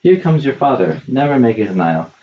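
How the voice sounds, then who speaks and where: A man's voice: medium pitch, sing-song, a little fast, muffled recording, a little hiss or hum, lightly acted. A man voicing a boisterous young suitor in a storybook reading, hearty and pushy. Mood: bold. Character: boisterous young male suitor, bold and teasing.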